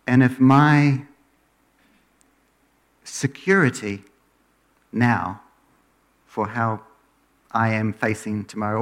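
Relaxed male pastor preaching. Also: mid-range voice. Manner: relaxed, often trails off quieter at phrase ends. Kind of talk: conversational sermon.

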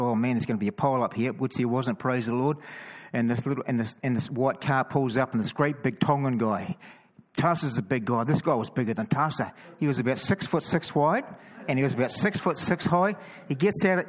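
A man with a New Zealand accent, casually telling stories of walking the roads with a cross, full of quick restarts and chatty asides. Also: mid-range voice, low-quality recording. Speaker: cross-carrying Christian walker. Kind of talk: casual storytelling testimony.

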